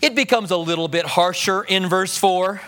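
High-voiced man preaching a conversational sermon. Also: moderate pace. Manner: conversational preaching with rhetorical questions; drops to a soft hush when voicing prayers. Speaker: pastor. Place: church.

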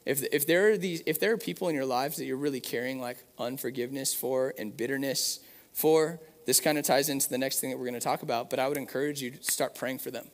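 A man's voice: mid-range voice, quick pace. A man preaching a sermon in an earnest, conversational way, with fillers and restarts. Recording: long hall reverb.

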